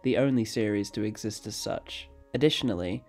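A man reading a scripted documentary narration in a steady, informative way. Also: lowish voice, a little fast, soft background music. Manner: steady, informative reading with a brief apology for mispronouncing.

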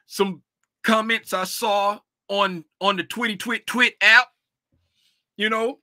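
A trading educator on a casual stream speaks loosely and directly to chat, getting sidetracked easily. His sharp, high-pitched voice keeps fairly even intonation and unhurried delivery, with no room sound.

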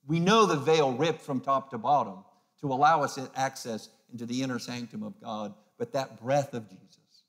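A male pastor preaching with mid-range pitch and strong emphasis. He swings from loud, ringing lines to quiet, hushed ones. He sometimes puts on sneering voices of the crowd. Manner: acts out mocking voices of the crowd. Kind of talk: sermon.

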